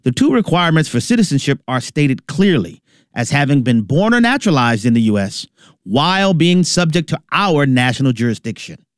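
A male commentator delivers a scripted radio segment in a measured, emphatic way. His pitch moves widely. The recording is dry and close. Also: very animated, dry recording.

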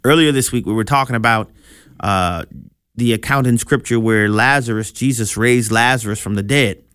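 A man preaching a sermon, in a conversational style with animated asides. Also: medium pitch, moderate pace, clear, resonant tone, no echo, studio quality.

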